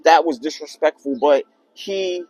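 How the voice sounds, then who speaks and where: Young man, higher voice, casual slangy storyteller, vlog style. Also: a little slow, dry recording, faint music behind, rough recording. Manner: slangy, animated retelling with acted quotes. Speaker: vlogger telling a personal story.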